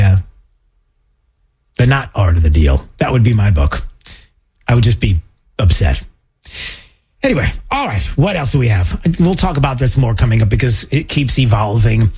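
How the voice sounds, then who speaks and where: A man's voice: mid-range voice, a little mellow, husky. A male radio talk show host, chatting casually and sarcastically with many fillers.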